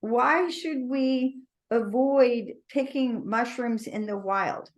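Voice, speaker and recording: A woman hosting an interview, asking measured, prompting questions. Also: a little high. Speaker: interviewer, medical intuitive healer.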